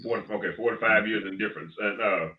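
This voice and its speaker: A man hosting a casual panel talk, telling stories in an animated, plain-spoken way. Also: lowish voice, quick pace. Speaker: talk show host. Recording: tinny phone line, distant from mic.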